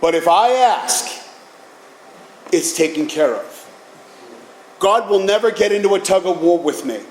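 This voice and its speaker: High-voiced middle-aged man. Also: unhurried, a little hiss or hum. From Boston area, USA. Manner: animated storytelling with casual profanity. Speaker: recovery meeting speaker. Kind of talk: personal storytelling talk. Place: meeting hall. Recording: echoey hall with faint ambience.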